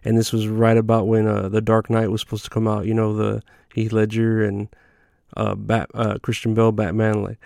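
A man's voice: on the low side, monotone, moderate pace, vocal fry, mellow, clean tone, dry recording, clean studio sound. A man hosting a comedy podcast, telling rambling, profane stories in a laid-back, casual way. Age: adult.

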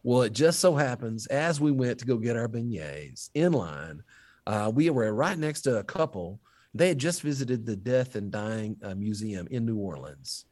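A man who teaches history, telling faith stories in an interview with lively, animated delivery. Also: moderate pace. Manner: animated storyteller, rising pitch when quoting others. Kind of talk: storytelling in a faith podcast interview.

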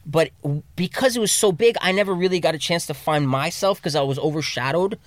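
A man's voice: brisk, no echo. Profane, candid man in the studio. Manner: raw and profane, speaks in restarts, drops low and quiet when emotional. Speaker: podcast guest, recovery coach. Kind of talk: candid podcast conversation. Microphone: studio mic.

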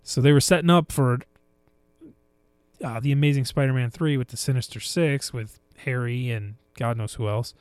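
A man's voice: medium pitch, moderate pace, darkish tone, clear, resonant tone, no echo, studio quality. A man chatting casually about movies on a podcast, rambling with restarts and now and then putting on silly voices for quotes. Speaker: podcast co-host.

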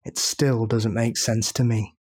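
A man's voice: mid-range voice, flat delivery, measured pace, darkish tone. Man narrating an emotional story. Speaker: podcast co-host reading a listener story. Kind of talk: narrated story reading then casual chat.

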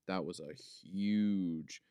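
A man's voice: sits low, drawn-out words, dark tone, clear, resonant tone, dry recording, studio quality. A man with a Philadelphia accent hosting a casual solo podcast, rambling and joking as he mushes his consonants together. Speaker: podcast host. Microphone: podcast microphone.

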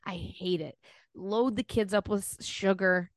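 A woman's voice: mid-range voice, fairly even intonation, unhurried, no echo. Profane ranting woman podcast co-host. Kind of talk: casual chat.

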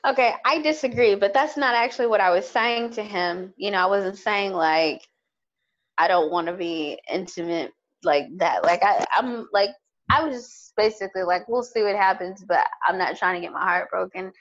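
A woman's voice: mid-range voice, moderate pace, dull audio. Chatty woman telling a dating story. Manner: animated storytelling, quoting others. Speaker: podcast co-host. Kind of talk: casual chat.

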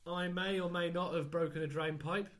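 A man hosting a casual chat, teasing his co-host with quick quips and giggles. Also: a little high, fairly even intonation, a bit bright. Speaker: podcast host.

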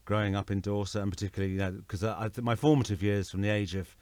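A middle-aged English man rambles through casual talk and keeps correcting himself mid-sentence. His voice sits on the low side, and the recording is dry and close, with no room sound. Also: steady tone, racing, a little mellow, no echo. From England. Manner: rambling, self-correcting storyteller. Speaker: guest. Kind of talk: casual conversation.

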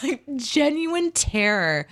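A woman's voice: high-pitched, slow, shouting, a little hiss or hum. A woman in her thirties, co-hosting a casual chat and telling stories with acted-out quotes. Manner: animated storyteller, acts out quotes. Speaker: co-host reading chat.

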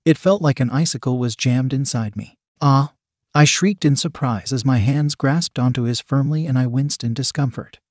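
A man reading a first-person story aloud with steady, even narration. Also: medium pitch, moderate pace, hardly any pauses, dry recording, studio quality. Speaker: reader.

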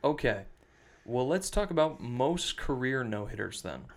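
A man's voice: medium pitch, expressive, unhurried. A man co-hosting a casual sports podcast, leading the talk and reeling off statistics. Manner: leads the segments, reads out stats. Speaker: podcast co-host.

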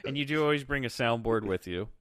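A man's voice: mid-range voice, animated, fast talker, a bit bright, clear, resonant tone. A man guesting on a podcast, goofing around and teasing the host in casual chat over an online call. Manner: goofy, teasing banter.

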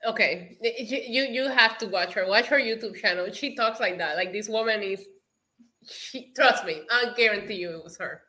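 A woman's voice: fairly high pitch, moderate pace, bright, forceful tone. A woman whose first language is not English, co-hosting a casual chat and giving earnest, emphatic opinions. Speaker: podcast co-host.

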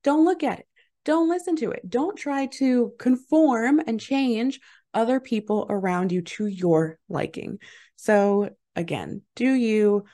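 A woman's voice: a little high, expressive, slow pace, dark tone. A woman hosting her own podcast, talking casually and encouragingly, full of "like" and "right?" fillers. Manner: chatty, filler-heavy, lots of "like" and "right?"; upbeat and encouraging, laughs easily. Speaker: podcast host and mindset mentor. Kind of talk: casual motivational monologue.

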